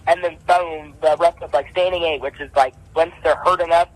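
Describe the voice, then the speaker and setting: A young man with a slightly high voice recounts a fight in casual podcast talk. He tells it with animated energy, punching out "boom" after "boom" to act out his combinations. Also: normal speed, no echo, rough recording. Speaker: amateur boxer telling his story.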